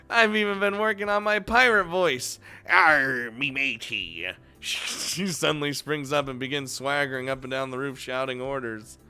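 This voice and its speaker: A man voicing a bubbly, energetic teenage girl from a visual novel, loud and full of mock-pirate bravado. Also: mid-range voice, a little slow, clear, resonant tone, faint music behind. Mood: swaggering.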